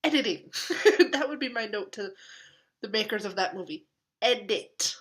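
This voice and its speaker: Bright-voiced chatty young woman vlogging. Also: medium pitch, animated, normal speed. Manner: chatty, laughs often, drops to soft asides. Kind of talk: casual vlog chat.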